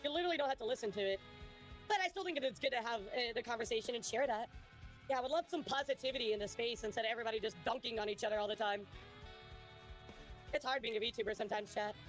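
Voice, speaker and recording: A woman's voice: on the high side, fast, soft background music. A woman who is a native Russian speaker, a VTuber chatting on a livestream and answering her viewers' messages as she goes. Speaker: VTuber streamer.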